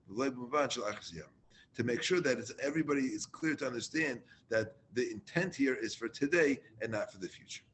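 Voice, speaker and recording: List: man, middle pitch, Torah class teacher, reads Hebrew then explains in English, casual and halting, faint rumble behind. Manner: mixes Hebrew readings with plain English asides, with restarts.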